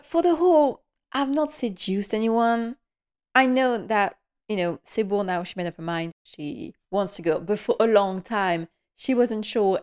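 A woman's voice: on the low side, darkish tone, smooth. A woman hosting a podcast, chatting enthusiastically and laughing often as she recaps a TV episode. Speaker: podcast host.

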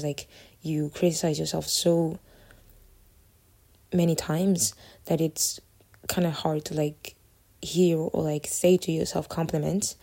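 A woman's voice: low-pitched, darkish tone, slightly rough. A woman hosting a casual solo podcast, talking in a candid, reflective, rambling way full of fillers and self-corrections. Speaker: podcast host.

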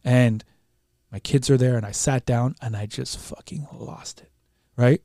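A man in his forties from Canada speaks openly and emotionally as an interview guest, his voice dark and mellow. He swears freely and talks in a candid, unguarded way, sounding dry and close to the mic. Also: mid-range voice, fairly even intonation, measured pace, dry recording. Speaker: guest musician.

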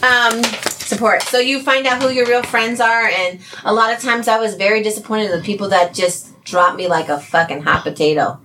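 A woman's voice: medium pitch, moderate pace, hardly any pauses, sharp tone, slight background noise. A woman in her fifties co-hosting a podcast, chatting casually, laughing often and swearing freely. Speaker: podcast co-host. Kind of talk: casual chat.

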